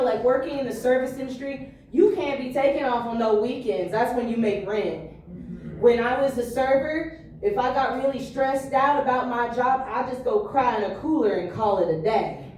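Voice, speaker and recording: A woman's voice: fairly high pitch, a little mellow. A woman performing a casual stand-up set on a comedy club stage, chatting with the crowd. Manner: conversational, addresses crowd as y'all. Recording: echoey room from far off.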